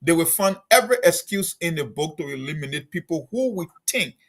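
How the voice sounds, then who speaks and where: A man's voice: fairly high pitch, expressive, brisk. A man joining a political debate on a talk show, making his case in an argumentative way, reasoning step by step. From Liberia.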